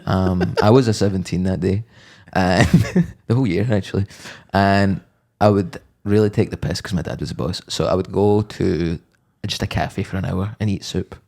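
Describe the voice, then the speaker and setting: A man in his thirties with a lowish voice and a gravelly, creaky edge, co-hosting a podcast. He talks in a loose, joking way, rambles through stories and now and then sings a line. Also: moderate pace, hardly any pauses, a little mellow. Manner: joking, rambling storyteller who breaks into sung bits. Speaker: podcast co-host. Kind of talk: casual chat.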